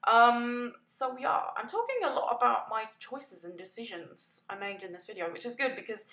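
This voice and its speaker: A woman's voice: fairly high pitch, animated, normal speed, fairly bright tone. A woman chatting through a casual voice-over, rambling and self-deprecating, laughing and yawning often. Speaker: gaming video creator narrating a build. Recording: echoey room.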